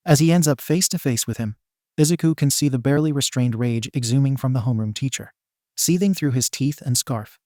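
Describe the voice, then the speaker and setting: A man's voice: mid-range voice, fairly quick, a little mellow, no echo, studio quality. Man narrating a comedy fan story. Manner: wry, tongue-in-cheek narration.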